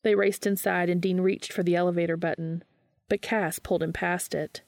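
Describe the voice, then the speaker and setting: A woman with a low voice and a gravelly, creaky texture narrates a fan fiction audiobook in a steady, unhurried way. The recording is dry and close, with no room sound. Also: no echo.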